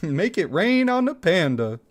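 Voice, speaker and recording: A man's voice: sits high, sing-song, unhurried. A man in his thirties chatting casually on a livestream, reading out chat messages and laughing often. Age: 30s.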